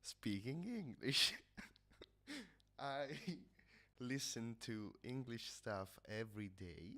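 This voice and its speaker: On a livestream, a man from Italy makes casual conversation in English with an Italian accent, his voice mid-range, bright and forceful yet slow. He sounds nasal and hesitant, often halting to search for the right word, and uses a headset mic.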